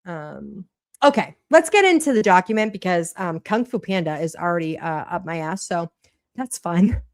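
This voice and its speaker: A woman's voice: on the low side, big pitch swings, normal speed, no echo, clean studio sound. A woman with a Boston accent hosting a casual livestream, chatty and blunt, swearing freely while she reads a court document aloud. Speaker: livestream host.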